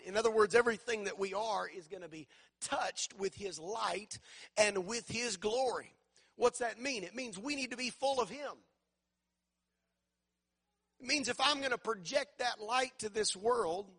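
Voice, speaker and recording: Gravelly-voiced man preaching emphatically. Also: high-pitched, fairly bright tone. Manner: emphatic, call-and-response preaching with repeated phrases. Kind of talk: sermon.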